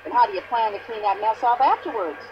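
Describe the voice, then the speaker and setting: Actress as a shrill, pushy American widow. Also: female voice, fast talker, lo-fi sound, noisy background, close to an everyday voice. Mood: indignant. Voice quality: shrill, complaining, long-winded.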